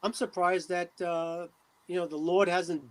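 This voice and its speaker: A middle-aged man from New Jersey, a mayor as a talk show guest, speaking emphatically with many pauses and fillers. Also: high-pitched, level tone. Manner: emphatic, preachy, trailing off with many uh's. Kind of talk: casual interview talk.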